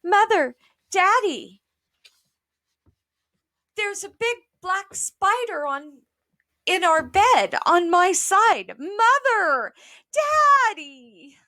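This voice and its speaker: A shrill, squealing little girl cries out in a children's storybook, pleading in a voice pitched far above normal talk, as a woman reads her. She sounds urgent and loud. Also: big pitch swings, takes it slowly, hardly any pauses, no room sound, studio quality, exaggerated voice. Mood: panicked.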